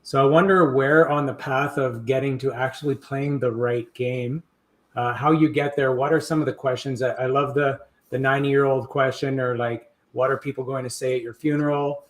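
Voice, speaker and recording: A man's voice: medium pitch, steady tone, normal speed. A male co-host in a casual interview, asking curious and friendly questions.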